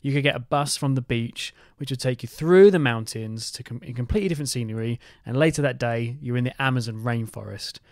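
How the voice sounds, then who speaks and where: A man's voice: mid-range voice, fairly quick, few pauses, dry recording, studio quality. Easygoing man co-hosting a travel podcast. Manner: relaxed, chatty, jokey asides. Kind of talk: casual chat.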